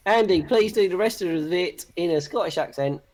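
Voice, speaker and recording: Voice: mid-range voice, moderate pace, darkish tone. A podcast co-host heckling the others in casual, playful banter.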